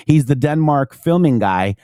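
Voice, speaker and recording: A man's voice: fairly high pitch, expressive, normal speed, mellow, smooth, no echo, clean studio sound. Emphatic man with rhetorical questions. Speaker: co-host. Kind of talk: casual political talk stream.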